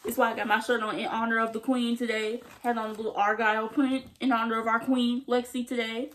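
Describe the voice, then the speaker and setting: A woman's voice: on the high side, little pitch movement, brisk, fairly bright tone. A young woman vlogger recapping a TV episode in a gushing, slangy way, acting out the characters' lines as she goes. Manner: gushing, slangy, acts out quotes. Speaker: TV review vlogger. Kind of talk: animated casual recap.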